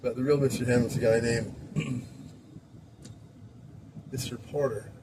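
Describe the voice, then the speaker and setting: A man's voice: medium pitch, steady tone, unhurried. A man in his sixties from Southern California tells a loose, rambling story about his school days, chuckling often. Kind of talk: casual rambling anecdote. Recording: clear traffic noise behind.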